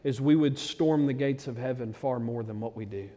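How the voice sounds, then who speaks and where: A man preaching a sermon, talking plainly to his flock, then building to loud, excited peaks. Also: mid-range voice, moderate pace, long reverb tail. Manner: conversational preaching that swells to loud, excited climaxes. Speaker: pastor.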